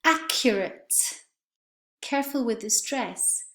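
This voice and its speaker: A woman teaching English pronunciation, modelling words and sentences slowly and clearly for her students. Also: on the high side, reverberant. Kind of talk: online pronunciation lesson.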